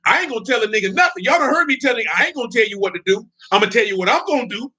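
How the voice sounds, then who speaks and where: Male preacher, high and forceful delivery; blunt, confrontational street-talk sermon with laughing asides. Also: lively intonation, very fast, few pauses, slightly rough. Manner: blunt, confrontational, repeats "you know what I'm talking about"; breaks into laughter between points.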